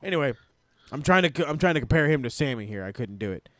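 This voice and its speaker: A man's voice: mid-range voice, very animated, quick pace, fairly bright tone, dry recording, studio quality. A man co-hosting a casual wrestling podcast, laid-back and swearing, acting out wrestlers' lines for laughs. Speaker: podcast co-host.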